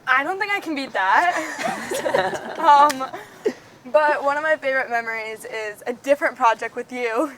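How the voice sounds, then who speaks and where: A woman guest shares a memory in a light, laughing way. Her voice is quite high. A clear hiss runs under the recording. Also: moderate pace. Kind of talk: casual chat among friends.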